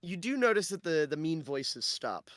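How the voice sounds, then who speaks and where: A man in the game master's seat, describing rooms at a deliberate pace and slowing down for the eerie parts. His voice sits a little high for a man, and the sound is close and dry with no room around it. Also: sing-song, a bit bright, dry recording. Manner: descriptive, slowing for dramatic narration. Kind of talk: narrating a tabletop game.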